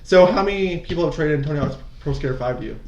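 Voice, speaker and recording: Fast-talking joking man, echoey room. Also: fairly high pitch, lively intonation, a little mellow, muffled recording. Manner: quick, joking, profane banter. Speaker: podcast co-host. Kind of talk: casual chat. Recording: echoey room with faint noise.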